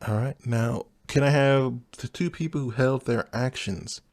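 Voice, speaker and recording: A man running a tabletop game as game master, describing scenes in an unhurried way. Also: mid-range voice, darkish tone.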